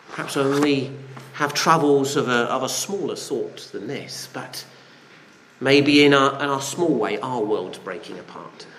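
A man's voice: mid-range voice, fairly bright tone, slight background noise. A man preaching a sermon, earnest, with rhetorical questions and frequent restarts. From Britain.

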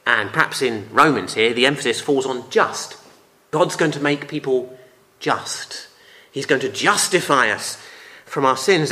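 A man preaches through a scripture passage in an earnest, emphatic way. His voice is bright, forceful and slightly high-pitched. He often sinks to a hush when he lands a key phrase. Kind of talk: Bible teaching talk.

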